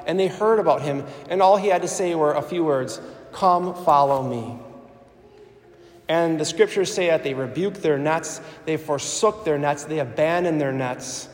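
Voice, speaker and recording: A man delivering a sermon in a church, speaking with earnest, conversational conviction and repeating himself for emphasis. His fairly high voice rings out into a large, echoey space with a long reverb tail. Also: a little mellow. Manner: earnest, repetitive, conversational preaching.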